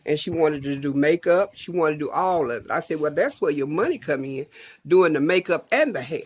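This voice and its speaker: A woman's voice: low voice, animated, a little fast, a little mellow, slightly rough. A middle-aged woman with a Southern US accent, recalling family matters in a plain, matter-of-fact way. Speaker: interviewee, godmother. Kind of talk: interview recollection.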